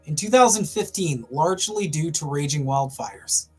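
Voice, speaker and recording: A man's voice: fairly high pitch, animated, normal speed, breathy edge, faint music behind. A man hosting a livestream, reading an article aloud and breaking off into wry, sarcastic asides. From Canada. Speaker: host.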